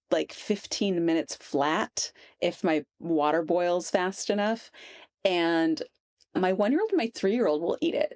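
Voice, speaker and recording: A woman's voice: lowish voice, a little mellow. A woman hosting a podcast, talking in a breezy, playful way with her guests. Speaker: podcast host. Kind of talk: casual chat.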